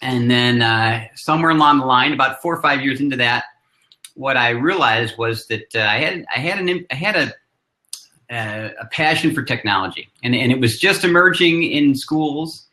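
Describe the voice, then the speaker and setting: A man in his fifties, a learning consultant guest, talking casually with chuckles and halting restarts. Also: medium pitch, pushed and bright. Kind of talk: casual interview talk.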